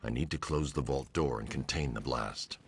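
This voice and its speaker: A grim masked vigilante hero in a video game, with an extremely deep, low-pitched voice. He speaks tersely and in commands, every word clipped and stern. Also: normal speed, a little hiss or hum. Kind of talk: video game cutscene acting.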